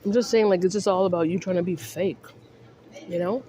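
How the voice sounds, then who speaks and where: A woman's voice: fairly low pitch, fairly even intonation, a little fast, mellow, slight background noise. A woman from Canada with a Canadian accent with Jamaican undertones, ranting casually to camera in a rambling way while snacking on chips. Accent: Canadian English with Jamaican undertones. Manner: rambling, repeats "I'm just saying", many fillers.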